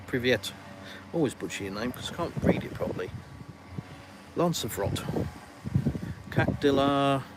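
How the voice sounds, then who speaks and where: A man's voice: medium pitch, lively intonation, a little slow, pauses often, heavy background noise. An English man hosting a casual live stream outdoors in a garden, rambling and colloquial as he reads viewers' comments aloud. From England.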